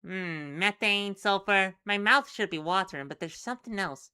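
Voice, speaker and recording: A queasy young woman patient speaks in a hesitant, plainspoken way, read by a woman doing voices from a webcomic. The voice is bright and smooth. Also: mid-range voice, normal speed, close to an everyday voice. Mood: uneasy. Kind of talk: reading a webcomic aloud with voices.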